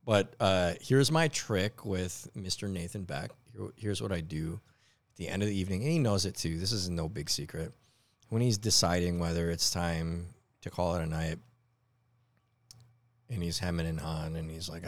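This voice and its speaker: Deep-voiced man telling a casual story. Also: moderate pace, no room sound. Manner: laughs often, tells stories animatedly. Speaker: podcast co-host. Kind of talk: casual chat. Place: home garage.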